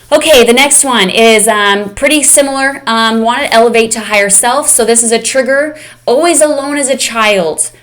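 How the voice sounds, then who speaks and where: Candid woman coach, slightly high voice. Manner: candid, emotional, speaks directly to "you guys". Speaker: fitness and mindset coach. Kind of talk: live online coaching session.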